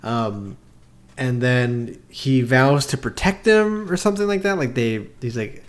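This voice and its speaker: A man's voice: medium pitch, lively intonation, measured pace. A man co-hosting a comedy podcast, riffing on a movie in a rambling, casual way with laughs and swearing. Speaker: podcast co-host.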